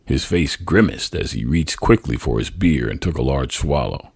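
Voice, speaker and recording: Male memoir narrator; very low, husky, dry and close. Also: lively intonation, moderate pace, a little mellow, no room sound. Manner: tender, reflective storytelling. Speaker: podcast host. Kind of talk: memoir reading.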